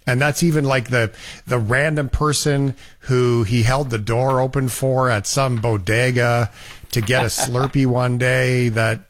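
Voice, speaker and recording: A man's voice: mid-range voice, steady tone, unhurried, no room sound. A man hosting a talk show, reflective and easygoing, with a casual joking manner. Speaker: radio show host.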